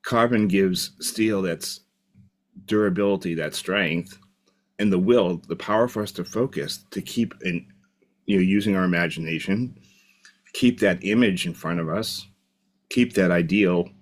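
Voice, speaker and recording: Deep-voiced man giving a motivational talk. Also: a little slow. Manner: reflective, repeats key phrases, loose and unscripted. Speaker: motivational coach. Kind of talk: motivational video monologue.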